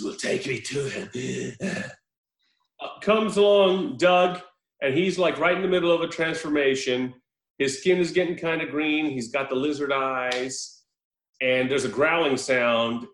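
A man hosting a casual podcast chat, telling a story in an animated way, laughing often and swearing freely. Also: medium pitch, a little slow. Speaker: podcast host reviewing a film. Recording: roomy echo.

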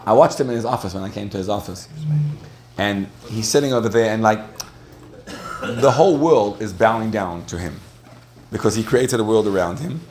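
A man's voice: on the low side, animated, moderate pace, pauses often, darkish tone, a little hiss or hum. A man speaking to a live audience, telling a story in a chatty way with frequent restarts and laughter. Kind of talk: storytelling talk on marriage.

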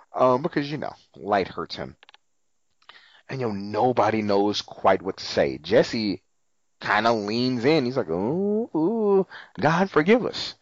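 Man, casual podcast recap, lively swooping pitch, dry close sound, muffled lo-fi quality. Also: no room sound. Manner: animated storytelling, acting out quotes, swearing. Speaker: podcast co-host.

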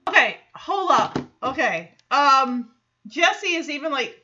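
Lady podcaster recapping a show, high bright voice, animated, kinda dull lo-fi sound. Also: slow, noisy background. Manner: animated, acts out quotes in lowered voices. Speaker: podcast host. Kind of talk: casual episode recap.

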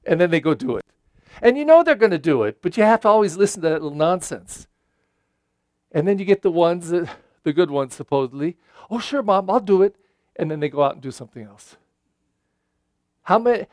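An older man preaching a Sunday homily, with a voice that sits fairly high for a man. He talks in a loose, folksy way and leans on frequent fillers. The recording is close and dry, with almost no room sound. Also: lively intonation, normal speed, a little mellow, dry recording. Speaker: pastor.

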